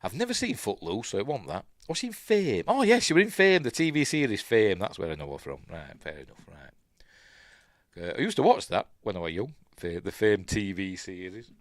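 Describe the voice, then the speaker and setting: An older man with a Yorkshire accent talks through his favourites in a loose, rambling way, often chuckling and drifting off to check details. His voice sits low but leaps around a great deal in pitch. The sound is dry and close. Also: big pitch swings, moderate pace, no room sound. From Yorkshire, England. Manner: rambling, chatty, laughs often, trails off to look things up. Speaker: podcast host. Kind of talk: casual solo chat.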